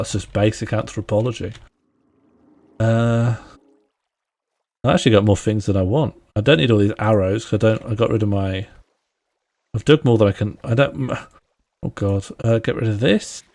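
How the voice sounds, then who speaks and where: Gravelly, playful male game streamer. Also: fairly low pitch, moderate pace, long pauses, darkish tone. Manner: playful, chatty, laughs often, talks to himself while playing. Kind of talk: casual live-stream chat while gaming.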